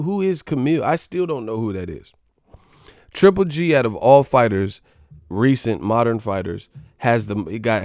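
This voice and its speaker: A man's voice: lowish voice, darkish tone, no room sound, studio quality. A man doing a profane, mocking casual rant about boxing as the show's commentator. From United States.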